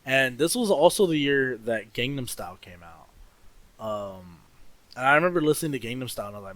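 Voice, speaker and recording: A young man chats loosely as he games, answering viewer questions. He is expressive, and his sentences wander, stop and restart around fillers. His voice sits in an ordinary middle pitch. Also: a little fast, no room sound, low-quality recording. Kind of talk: casual Q&A while gaming.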